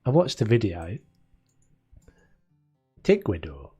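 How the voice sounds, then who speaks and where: A man's voice: medium pitch, animated, normal speed, darkish tone. A young man streaming a renovation game, chatting loosely with his viewers and laughing as he goes. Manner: rambling, chatty, talks to chat and laughs often. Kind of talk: casual gameplay commentary. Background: faint game music.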